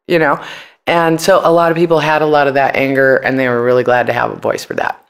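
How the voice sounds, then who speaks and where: A man's voice: high voice, gravelly. Blunt, profane man telling stories. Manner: blunt and profane, mimics voices when quoting people. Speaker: interview guest, punk musician and comedian. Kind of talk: casual interview storytelling.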